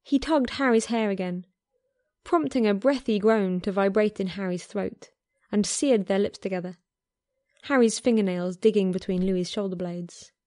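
A woman calmly reading a romance story aloud in a measured voice. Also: medium pitch, no room sound, studio quality. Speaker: fan fiction reader.

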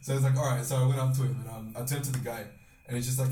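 A young man hosting a podcast, telling a long rambling story with lots of swearing and loudly acted-out quotes. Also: mid-range voice, level tone, racing, faint music behind. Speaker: podcast host. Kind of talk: casual storytelling chat. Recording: echoey room, distant mic.

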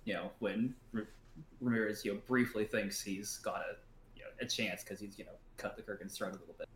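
A man's voice: lowish voice, steady tone, reverberant. A man co-hosting a podcast in casual chat, stumbling and restarting often, swearing freely and laughing. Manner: halting, many restarts and stumbles. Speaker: podcast co-host.

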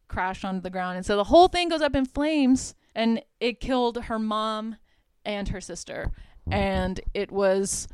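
A woman's voice: mid-range voice, darkish tone, clear, resonant tone, dry recording. A young woman hosting a podcast, recapping a horror film in a casual, chatty way, full of fillers and swearing. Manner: chatty, profane, lots of "like" fillers. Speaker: podcast host.

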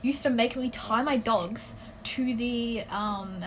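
A woman's voice: on the high side, slow pace, slight background noise, rough recording. A young woman co-hosting a casual podcast chat, rambling through stories, swearing often and laughing as she talks. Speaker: podcast co-host.

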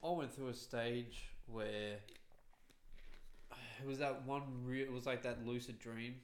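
Laid-back guy, slow and hesitant delivery, echoey room sound. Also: mid-range voice, steady tone, background noise. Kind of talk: casual chat.

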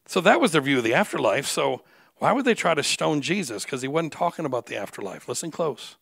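A man preaching an animated sermon with humor, acting out the voices of figures he quotes. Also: mid-range voice, creaky, no room sound. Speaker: guest preacher.

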